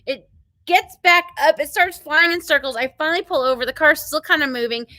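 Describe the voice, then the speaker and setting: A woman hosting a ranch live stream, telling a story in an animated, quick way and acting out what people said. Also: sits high, no room sound. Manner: animated, quick retelling with acted-out quotes. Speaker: ranch channel host.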